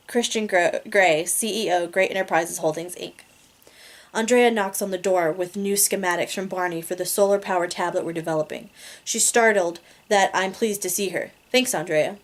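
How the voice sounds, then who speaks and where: A woman's voice: lowish voice, moderate pace. A woman reading a romance novel aloud in a casual amateur way, laughing at her own slips. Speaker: reader.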